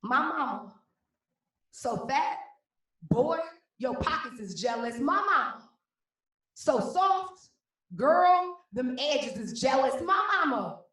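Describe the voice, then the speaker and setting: A young woman from Cleveland delivers spoken-word poetry to a live crowd, her voice high and bright. She takes her time, landing each line with a punchy rhythm and loud refrains. She sounds distant from the mic, in a strongly echoing room. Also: animated, slow pace, long pauses. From Cleveland, Ohio, US. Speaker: slam poet.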